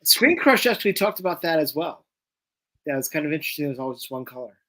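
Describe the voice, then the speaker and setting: Chatty fan co-host, mid-pitched voice. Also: big pitch swings, fast, bright, forceful tone. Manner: chatty, enthusiastic fan banter. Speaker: podcast co-host. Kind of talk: casual watch-along chat.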